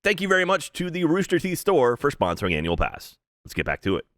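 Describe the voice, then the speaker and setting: A man's voice: a little high, wildly swooping pitch, fast, fairly bright tone, no echo, studio quality. A man hosting a podcast, reading a sponsor spot and chatting casually with enthusiasm, rambling as he goes. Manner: enthusiastic, rambling, with playful voices. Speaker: podcast host. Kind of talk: casual podcast chat and ad read.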